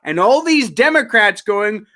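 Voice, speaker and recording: A man's voice: sits high, big pitch swings, unhurried, bright, forceful tone. A man co-hosting a casual political podcast, talking in a sarcastic, profane way. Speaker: podcast co-host.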